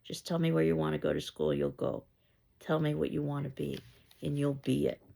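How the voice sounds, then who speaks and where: A woman's voice: deep voice, level tone, fairly quick, gravelly, dark tone, exaggerated voice. A woman reading as a father dreaming aloud. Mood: wistful. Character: dreaming father speaking softly to his son.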